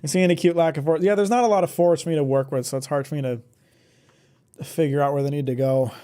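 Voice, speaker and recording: A man on a casual home live stream reads his chat aloud, bantering with viewers in a blunt, joking, profane way. He's a fast talker with a slightly high, steady, mellow voice and a clean tone.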